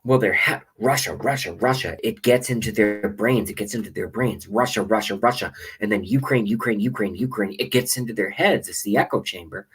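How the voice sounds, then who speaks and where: A vlogger rants at his webcam about politics, rambling, sarcastic and profane. His voice is on the low side and fairly bright with a breathy edge, delivered briskly with few pauses, and the recording quality is poor.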